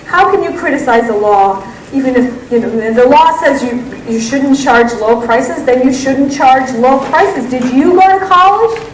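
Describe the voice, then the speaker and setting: A woman's voice: sits high, lively intonation, a little slow, few pauses, far from the mic, a little hiss or hum. A woman voicing a belittling male government prosecutor who badgers with repeated questions. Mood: badgering. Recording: echoey room, voice from afar.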